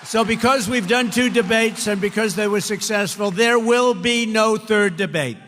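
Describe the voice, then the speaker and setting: An older man giving an emphatic, repetitive campaign rally speech that rises to shouted lines. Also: high-pitched, moderate pace, slight background noise. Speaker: political speaker at a rally. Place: large indoor rally venue. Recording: echoey hall, faint crowd ambience.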